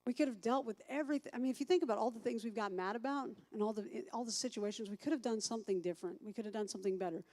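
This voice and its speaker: Chatty woman, slightly high voice. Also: very fast, few pauses, darkish tone. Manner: chatty, thinks aloud, asks the group questions. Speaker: recovery group sponsor teaching a class. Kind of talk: casual classroom teaching.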